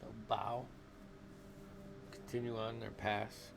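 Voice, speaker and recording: A man narrating a tabletop game as dungeon master, unhurried and halting, with many restarts. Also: lowish voice, little pitch movement, creaky, a crowd in the background.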